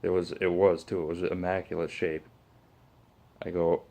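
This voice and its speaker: A man's voice: low voice, darkish tone. A middle-aged man telling a rambling story in a casual vlog rant, full of fillers and restarts. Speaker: vlogger.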